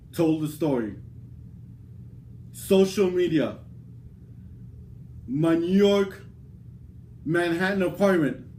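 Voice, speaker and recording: Slow, boastful man cutting a wrestling promo. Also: on the high side, slight background noise. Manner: boastful, drawn-out dramatic delivery.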